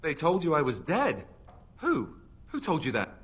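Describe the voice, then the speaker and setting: A nervous, stammering young warrior. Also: male voice, on the high side, huge pitch swings, measured pace, slightly rough, heavily acted. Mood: earnest. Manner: hesitant, stammering, anxious babbling. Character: nervous young warrior meeting his lost sister.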